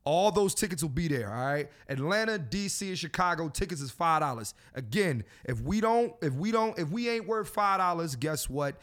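A man's voice: on the high side, animated, moderate pace, few pauses, a bit bright. A man hosting a casual podcast, talking in a profane, preachy and joking way. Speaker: podcast host.

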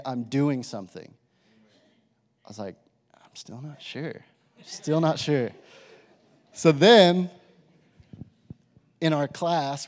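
A young man sharing a personal testimony with a live audience, in a casual, animated way full of filler words. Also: medium pitch. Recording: reverberant hall.

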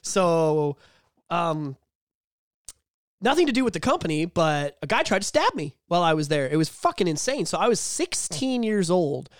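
A man's voice: fairly high pitch, moderate pace, dry recording, studio quality. A young man co-hosting a podcast, telling profane stories in casual chat and acting out the voices of people in them. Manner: animated storytelling, profane, acts out voices. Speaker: podcast co-host.

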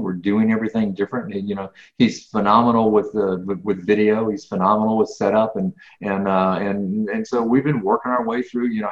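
A middle-aged man speaking as an interview guest, emphatic and full of restarts and repeated words. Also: lowish voice. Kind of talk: conversational interview. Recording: echoey, dull lo-fi sound.

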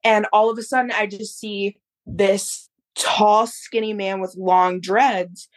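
A woman in her thirties, a podcast guest, telling a story in a casual, animated way. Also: medium pitch, takes it slowly. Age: 30s. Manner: animated, acts out others' voices in quotes.

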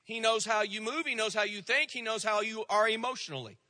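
A man preaching a sermon as pastor, folksy and emphatic, slowing down to stress the words he quotes. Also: high voice, lively intonation, pushed and bright, dry recording, in a large hall.

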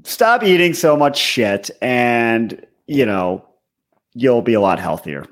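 A man's voice: medium pitch, very animated, slow pace, faint music behind. Dry, sarcastic man on a comedy podcast. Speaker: podcast co-host. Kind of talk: casual comedic show-review chat.

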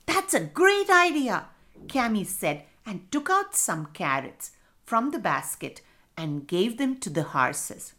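A woman telling a children's storybook tale in a slow, clear, expressive way. Her pitch moves in a lively, animated pattern, as in reading to young listeners.

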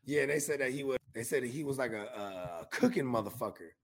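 A man's voice: medium pitch, fast talker, gravelly, slightly rough. Slangy man rambling in casual chat. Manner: rambling, slangy, keeps saying 'you know what I mean'. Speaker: podcast co-host.

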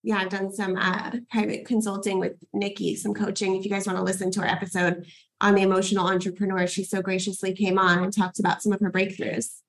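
A woman's voice: medium pitch, little pitch movement, fast talker, low-quality recording. A young woman hosting a workshop as a podcast coach, enthusiastic and hyped, swearing casually as she cheers people on.

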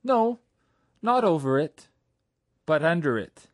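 A man's voice: on the high side, takes it slowly, no room sound. Man doing Captain Nemo, cool and ironic. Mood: serene. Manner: ironic, calm and commanding. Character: proud daring male submarine captain, ironic and cool. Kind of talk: audiobook character reading.

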